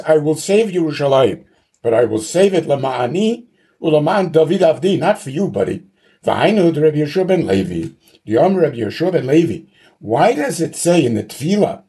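Animated man teaching Talmud. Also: a little high. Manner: animated, mixes English with Hebrew and Aramaic terms, casual asides. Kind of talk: Talmud lecture.

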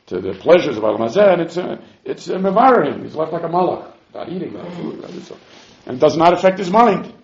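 Animated man teaching a Talmud class. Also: fairly high pitch, creaky. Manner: animated, acts out quotes, chuckles. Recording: muffled lo-fi recording.

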